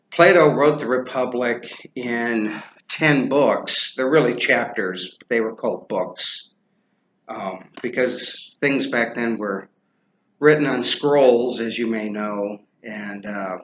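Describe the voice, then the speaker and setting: A man giving a classroom lecture, halting with many ums and uhs and spelling names out loud. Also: fairly low pitch. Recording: roomy, dull lo-fi with faint noise.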